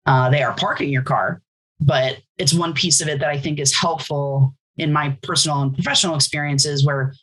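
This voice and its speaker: A woman's voice: low-pitched, fairly even intonation, moderate pace, slightly rough, poor audio. Woman thinking aloud on a podcast. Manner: thinking aloud, searches for words. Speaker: podcast co-host. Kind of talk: casual explanatory chat.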